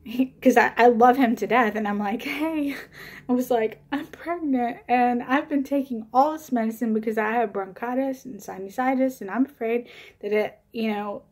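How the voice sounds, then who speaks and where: A woman's voice: a little high, moderate pace. A young woman telling a personal story to camera in a casual vlog, rambling with lots of fillers and little laughs. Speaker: vlogger.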